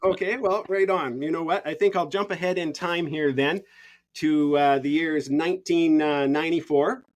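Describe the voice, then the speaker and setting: A man, a podcast guest telling stories in a relaxed, rambling way with frequent laughs. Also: fairly high pitch, normal speed. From Canada. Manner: easygoing, rambling, laughs often. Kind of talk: casual storytelling.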